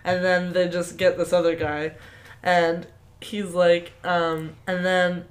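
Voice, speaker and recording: A woman's voice: on the low side, level tone, takes it slowly. A woman co-hosting a casual movie podcast, laughing often and acting out quotes in silly voices. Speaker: podcast co-host.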